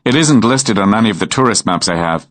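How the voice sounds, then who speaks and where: A man voicing a curious American writer with a wry, relaxed manner and an American accent. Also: on the low side, brisk.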